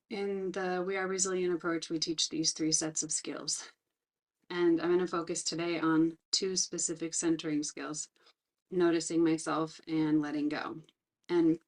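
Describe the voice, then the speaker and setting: A middle-aged woman trainer, speaking in an earnest, reflective way about her own life and teaching skills, slowing down to stress key words. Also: deep voice. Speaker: resilience trainer. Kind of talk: personal talk with teaching.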